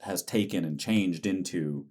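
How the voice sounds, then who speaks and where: A man's voice: deep voice, measured pace, a little mellow, husky. A man co-hosting a podcast, chatting in a breezy, rambling way. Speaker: podcast co-host. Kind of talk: casual chat.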